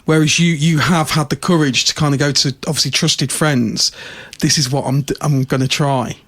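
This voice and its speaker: A man's voice: on the high side, fairly even intonation, moderate pace, fairly bright tone. A male podcast host in casual chat, friendly and chatty, leading the guest along.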